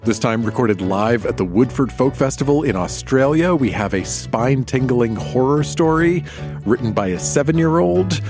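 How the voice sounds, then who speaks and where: A man's voice: mid-range voice, expressive, moderate pace. A man hosting a storytelling show with a wry, playful scripted introduction. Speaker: host. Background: guitar music.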